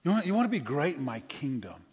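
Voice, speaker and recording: A male pastor preaching a sermon in an animated storytelling manner with emphatic bursts. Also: on the high side, quick pace, husky. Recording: dull lo-fi sound with long hall reverb.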